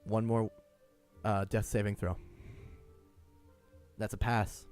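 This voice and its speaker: A young man narrating as game master, lively and quick with small stumbles. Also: fairly low pitch, clear, resonant tone, faint music behind.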